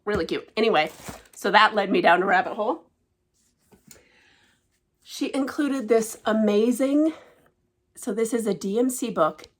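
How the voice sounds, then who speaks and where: A woman vlogging casually about cross-stitch gifts, gushing and emotional, often dropping to a hushed, delighted voice. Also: mid-range voice. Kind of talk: casual show-and-tell vlog.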